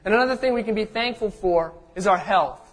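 A man's voice: high-pitched, a little fast. A man leading a church service as pastor, reading scripture verses and introducing testimonies. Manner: reads scripture, then introduces speakers. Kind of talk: sermon.

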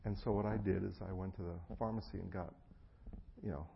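A middle-aged man preaching a sermon, telling personal stories, acting out the voices of the people in them and swinging from hushed tones to loud bursts. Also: deep voice, fairly even intonation, a little fast, gravelly, muffled recording, a little hiss or hum. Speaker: pastor. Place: church hall before an audience.

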